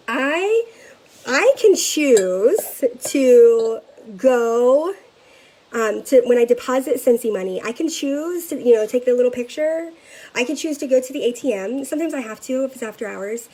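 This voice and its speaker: A middle-aged woman gives a lively motivational talk to camera, leading her sales team. Her voice is husky and sits fairly high. She keeps the energy up and checks in often with a quick "okay?". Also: low-quality recording. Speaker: direct-sales team leader.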